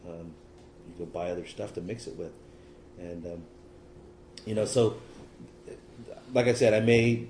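A man's voice: lowish voice, a little mellow, echoey room, slight background noise. A middle-aged man from California giving a rambling, wry personal testimony at a recovery meeting. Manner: rambling, self-deprecating, wry humor.

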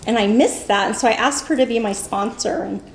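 A woman's voice: a little high, a little fast, slight background noise. A woman in her fifties sharing her story at a recovery meeting, rambling with many fillers and laughing through emotion. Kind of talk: personal share at a meeting. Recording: echoey room.

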